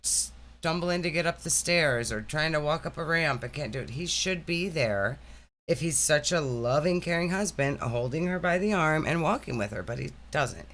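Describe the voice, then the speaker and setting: A woman's voice: sits low, lively intonation, normal speed, a bit bright. A woman co-hosting a reaction video, making sarcastic, mocking comments in casual chat.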